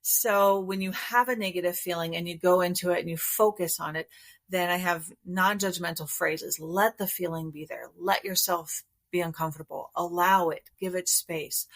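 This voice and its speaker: Calm woman therapist explaining patiently. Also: lowish voice. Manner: calm, measured, explanatory, acts out inner voices. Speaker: therapist guest. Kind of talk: podcast interview, explaining.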